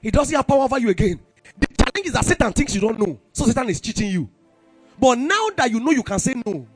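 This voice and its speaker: A man with a Nigerian accent preaching a sermon to young people, impassioned and breaking into shouted exclamations. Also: very high voice, sing-song, fast, breathy edge, no echo, faint music behind. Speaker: youth preacher.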